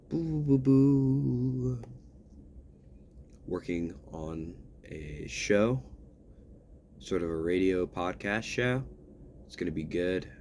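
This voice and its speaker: A man's voice: sits low, darkish tone, slight background noise. A man talking in a casual vlog, rambling and ranting with a lot of swearing. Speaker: vlogger.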